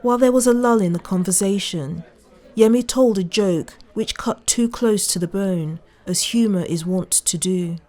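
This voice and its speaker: A woman narrating a short story in an even, measured manner. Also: medium pitch. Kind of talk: reading a short story aloud.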